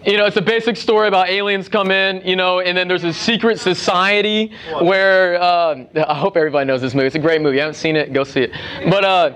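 A man's voice: sits high, fairly even intonation, quick pace, fairly bright tone, soft background music. A young man giving a casual sermon to a youth group, chatty, with restarts and asides. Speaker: youth speaker.

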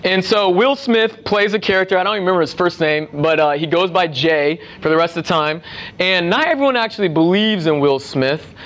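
A man's voice: high-pitched, fairly quick, a bit bright. A young man giving a casual sermon to a youth group, chatty, with restarts and asides. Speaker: youth speaker.

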